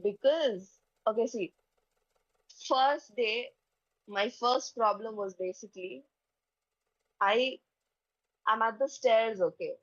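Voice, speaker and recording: A woman's voice: a little high, slow, pauses often, no room sound. Young woman, rambling anecdote teller with lots of "like", dull dry mic. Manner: chatty, peppers speech with "like" and "okay", acts out dialogue. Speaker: streamer telling a story. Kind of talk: casual storytelling chat.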